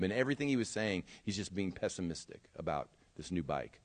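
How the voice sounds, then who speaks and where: A man preaching a sermon as pastor and telling a story, swinging from loud emphasis to quiet asides. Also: low voice, expressive, a little fast, few pauses.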